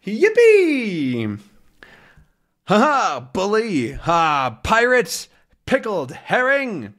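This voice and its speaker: A man reading out a rowdy, slightly drunk old sea captain from a comic, boisterous and loud. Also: high voice, lively intonation, slow, slightly rough, pitched above the performer's own voice, exaggerated voice.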